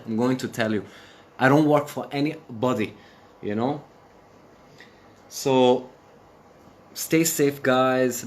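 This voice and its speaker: A man's voice: mid-range voice, slight background noise. A man from Syria on a live stream, speaking with passion, swearing and repeating phrases for emphasis. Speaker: livestream host. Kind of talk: emotional live stream rant.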